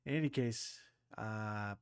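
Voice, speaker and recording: A man with a lowish voice rambles casually to his viewers, restarting sentences and getting visibly excited like a fan. His voice sits dry and close, with no room sound around it. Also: slow, clean tone, no room sound. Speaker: anime reaction channel host.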